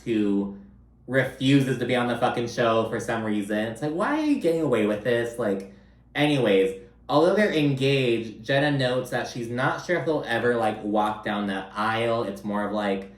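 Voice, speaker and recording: Profane, chatty man recapping reality TV. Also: mid-range voice. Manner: blunt, profane, filler-heavy with sarcastic quoted asides. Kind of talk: casual recap commentary. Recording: roomy echo, a bit off-mic.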